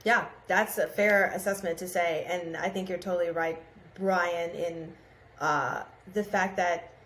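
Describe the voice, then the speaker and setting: A woman co-hosting a horror podcast, leading the casual chat with long questions full of fillers. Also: on the low side. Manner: steers the talk with long, filler-laden questions. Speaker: podcast co-host. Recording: echoey room with faint background hiss.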